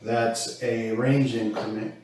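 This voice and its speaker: A man's voice: mid-range voice, flat delivery, slow, background noise. A man running a tabletop game as game master, easygoing and describing the action to his players. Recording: echoey room, far from the mic.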